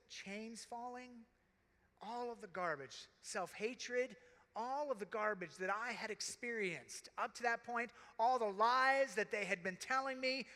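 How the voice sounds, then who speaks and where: A man preaches a keynote as a deacon, slow and deliberate with long, intense pauses. His voice is unusually high and bright, and long reverb from a big hall trails each phrase. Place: large conference hall. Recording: echoey large hall.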